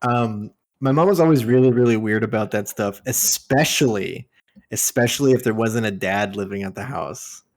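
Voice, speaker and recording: A man's voice: lowish voice, normal speed. A young man co-hosting a podcast, chatting casually and laughing often while he tells stories. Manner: laughs often while telling stories, animated when quoting. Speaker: podcast co-host. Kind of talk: casual chat.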